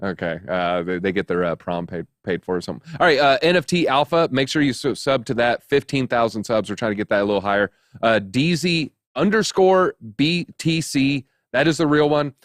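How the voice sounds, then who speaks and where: A man's voice: mid-range voice, animated, brisk, few pauses, no echo. A man hosts a crypto news show in a loose, joking, rambling way, full of fillers and asides. His voice sits mid-range and sounds dry and close to the mic, with no room around it. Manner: chatty, jokey, rambling with many fillers. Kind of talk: casual chat.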